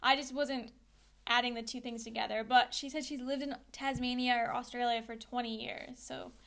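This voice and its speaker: A woman's voice: on the high side, fairly even intonation, normal speed, fairly bright tone. A young woman from the United States co-hosting a podcast, telling stories in a chatty, casual way with frequent "like.". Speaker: podcast co-host. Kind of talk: casual chat.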